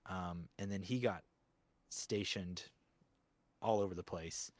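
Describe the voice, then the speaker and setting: A man's voice: sits low, fairly even intonation, takes it slowly, darkish tone, no room sound. A man, a voice actor, talking reflectively in a casual interview, rambling with lots of fillers. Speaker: guest voice actor.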